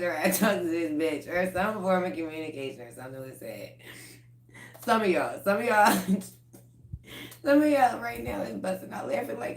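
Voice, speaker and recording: Low-pitched woman reading tarot cards for her viewers, blunt and profane and laughing a lot. Her deep voice rings in an echoey room, and she talks in a loose, casual way. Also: big pitch swings, normal speed. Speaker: tarot reader.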